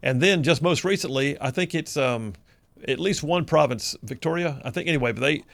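A man's voice: fairly high pitch, brisk, vocal fry, no echo. A male radio talk show host who reads out listener texts and takes calls in a casual, chuckling, conversational way.

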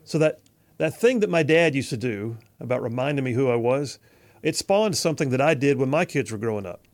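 A man's voice: mid-range voice, animated, fairly quick, a little mellow. A middle-aged man opens his show with a spoken monologue. His delivery is folksy and emphatic, and he leans on rhetorical questions to drive his points home. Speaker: radio host. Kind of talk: opinion monologue.

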